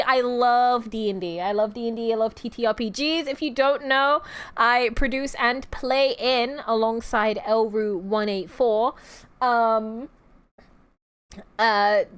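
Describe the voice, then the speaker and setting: A young woman chatting on a livestream, rambling and restarting thoughts as she goes. Her voice sits slightly high, and her tone stays casual and talkative. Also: a bit bright. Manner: chatty, rambling, self-interrupting, laughs easily. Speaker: streamer.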